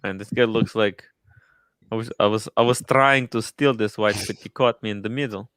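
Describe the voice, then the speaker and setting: Man, watch show host, casual livestream chat, smooth resonant voice, dry close mic. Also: on the low side, moderate pace, a bit bright, no room sound. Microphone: studio microphone.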